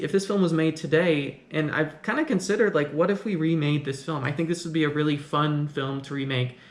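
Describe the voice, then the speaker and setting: A man giving a casual film review, thinking aloud and questioning the plot as he goes. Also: a little high. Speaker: film commentator. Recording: echoey room.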